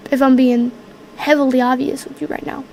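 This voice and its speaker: A woman's voice: high voice, little pitch movement, fairly quick, darkish tone, slight background noise. A woman voicing a scrawny, blunt male bobcat who speaks crudely in a tabletop game. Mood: blunt, wary. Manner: blunt, crude, matter-of-fact.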